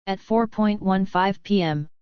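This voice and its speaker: A woman giving a slow, grave, measured audiobook reading of first-person testimony. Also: medium pitch, smooth, no room sound, highs cut off.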